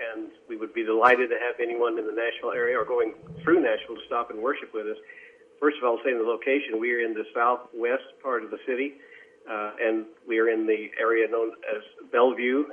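Man on a tinny phone line. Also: medium pitch. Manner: measured and courteous, frequent "uh" fillers. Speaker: guest. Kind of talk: radio interview by phone.

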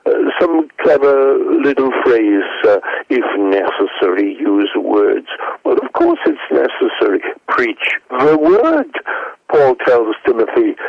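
A man on a radio call-in show, answering questions in an emphatic preaching manner with sweeping rises in pitch. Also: no room sound, highs cut off. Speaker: guest preacher.

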